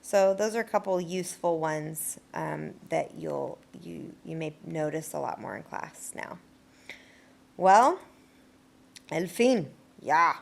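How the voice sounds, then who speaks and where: Gravelly-voiced woman teaching a screencast lesson. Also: low-pitched, steady tone, unhurried, hardly any pauses, a little mellow. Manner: explains patiently with frequent fillers. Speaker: Spanish teacher.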